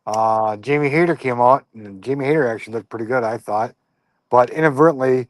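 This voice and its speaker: A man's voice: medium pitch, no echo. A man co-hosting a wrestling podcast, recapping a show in a laid-back, hesitant way. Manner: easygoing, hesitant, lots of ums and fair enoughs. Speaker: podcast co-host.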